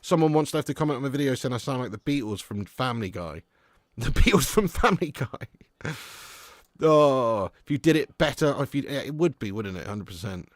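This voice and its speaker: Male livestream host, casual banter, animated pitch, dry close sound. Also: brisk, dry recording. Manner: banter-filled, reads out chat names. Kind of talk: casual watch-along chat.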